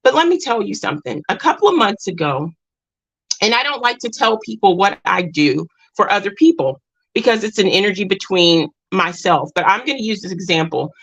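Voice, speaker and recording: A woman's voice: mid-range voice, lively intonation, a little fast, a bit bright, poor audio. A woman telling a personal story in a casual vlog, earnest and rambling, with restarts and moments near tears. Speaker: vlogger.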